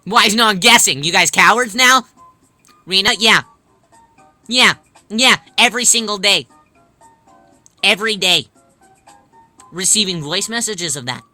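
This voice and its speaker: A woman hosting a casual livestream, chatting and answering viewers' questions in a lively way with many restarts. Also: medium pitch, a little slow, long pauses, faint music behind. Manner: animated, reads and answers chat, many restarts. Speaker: livestream host.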